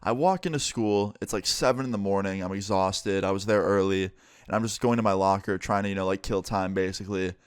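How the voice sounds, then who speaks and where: A man's voice: low voice, fairly quick, smooth, dry recording, clean studio sound. A young man telling a story in a vlog, talking casually and swearing freely. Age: young adult.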